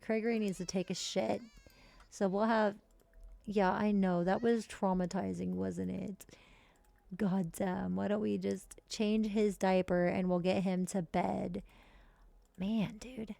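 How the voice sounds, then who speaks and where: A woman streaming live gameplay, chatting casually and cursing freely while voicing her characters in quick high asides. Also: steady tone, vocal fry, warm tone, dry recording. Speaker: streamer playing a life-simulation game.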